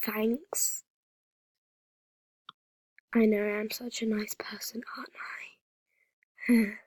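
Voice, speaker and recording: A woman's voice: a little high, little pitch movement, slow pace, a little mellow, husky, no room sound. A woman chatting casually over a gaming video, dramatic and teasing, often dropping into a half-whisper. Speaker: vlogger. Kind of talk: casual gaming vlog commentary.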